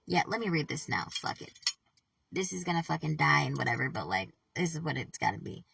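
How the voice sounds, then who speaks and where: Gravelly, bright-voiced woman vlogger swearing. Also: low-pitched, fairly quick, dry recording, distant mic, low-quality recording. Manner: heavy swearing, animated and worked-up. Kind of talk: casual vlog monologue.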